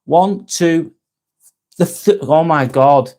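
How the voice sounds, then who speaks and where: A man's voice: on the high side, slow, darkish tone. A man chats to his live-stream audience in a slightly raised voice. He reads out viewers' comments, curses freely and apologizes often. His talk is loose and unscripted. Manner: swearing, angry rant then apologetic. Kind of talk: casual live-stream chat reading comments.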